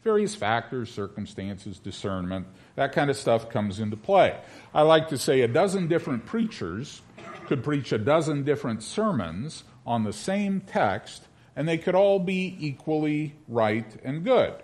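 Guy preaching a sermon, pitch jumps all over, dry little jokes, slows right down on the verses. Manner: lively, wry preaching with slow, emphatic scripture reading. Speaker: pastor.

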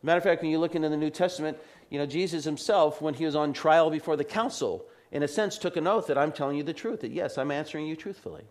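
A man preaching an earnest expository sermon, reading scripture slowly and carefully. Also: fairly high pitch. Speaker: pastor.

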